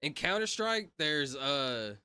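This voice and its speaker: A young man livestreaming, chatting loosely with his chat, reading out names and laughing loudly. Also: fairly high pitch, sing-song, slow, smooth, no echo. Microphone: headset mic.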